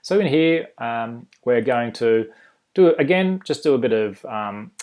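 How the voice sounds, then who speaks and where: A man with an Australian accent giving an informal screen-share tutorial, full of ums and uhs and quick self-corrections. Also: mid-range voice, expressive, darkish tone. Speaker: software developer presenting a demo.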